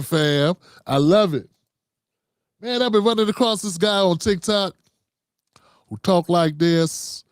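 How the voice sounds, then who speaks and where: A middle-aged man talks to his viewers in a loose, easygoing livestream commentary. His voice sits a little high for a man. The sound is dry and close, with no room echo. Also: a little slow. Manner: loose and conversational, calls viewers fam. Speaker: commentary show host.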